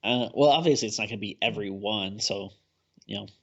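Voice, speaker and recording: A man's voice: lowish voice, a little fast, a bit bright, muffled recording. A man co-hosting a horror podcast, joking casually with small stammers and chuckles. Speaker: podcast co-host.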